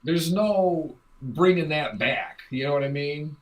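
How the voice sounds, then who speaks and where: A woman's voice: deep voice, unhurried, poor audio. Transgender woman, talk-show host, blunt and fired up, lots of rhetorical questions. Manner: frank, animated, argues with rhetorical questions. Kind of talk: casual talk-show chat.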